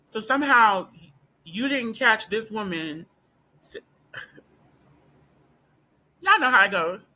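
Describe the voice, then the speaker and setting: A woman student talking straight to camera in a casual vlog, emphatic and full of rhetorical questions, with a voice that is not deep. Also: expressive, takes it slowly, long pauses, bright, forceful tone. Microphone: camera or phone facing speaker.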